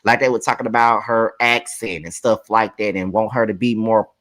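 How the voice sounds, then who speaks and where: A live review host from Mississippi with a Southern accent, talking bluntly with lots of swearing and drawn-out words. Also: medium pitch, fairly bright tone. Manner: blunt, profane, drawls words. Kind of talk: casual live commentary.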